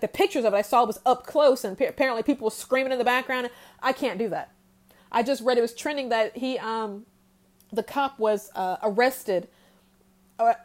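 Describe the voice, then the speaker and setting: A woman's voice: on the high side, a little mellow. A woman hosting a solo podcast, talking heatedly and in exasperation about the news. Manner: heated, exasperated, talks straight without pausing. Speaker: podcast host. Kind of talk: solo commentary rant.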